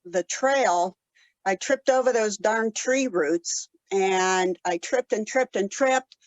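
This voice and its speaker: A woman in her seventies from Colorado, telling stories in a casual interview with many pauses and fillers. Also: medium pitch, no room sound, low-quality recording. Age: 70s. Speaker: guest, ultrarunner.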